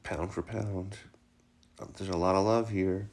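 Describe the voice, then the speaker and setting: A man's voice: low voice, fairly even intonation, measured pace, darkish tone. A man vlogging casually at home about his new puppy, joking and slipping into fond baby talk with her. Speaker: vlogger and dog owner.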